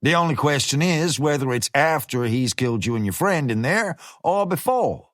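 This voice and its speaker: A man's voice: a little high, expressive, moderate pace, no room sound, clean studio sound, close to an everyday voice. A man voicing a menacing hired fixer who talks in a laid-back, slangy way. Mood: matter-of-fact.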